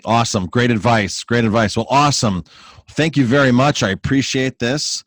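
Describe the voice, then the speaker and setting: Man, podcast host, casual chat, enthusiastic, repeats himself, mid pitch, dry close sound. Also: normal speed, a bit bright, no room sound. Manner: enthusiastic, repeats words and phrases. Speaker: podcast host and restaurant owner.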